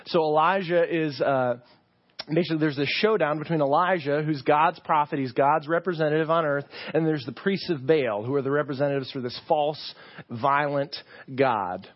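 A man preaching a sermon as pastor, telling the story with animated asides and rhetorical questions. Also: a little high, normal speed, lo-fi sound.

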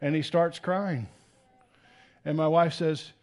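A man in his thirties preaching with real energy, his fairly high voice climbing on the big points. He drops to soft, intimate tones for the tender moments and then surges back up loudly. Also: slow. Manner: animated, swings between loud emphasis and soft intimate tones. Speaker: pastor. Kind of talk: sermon.

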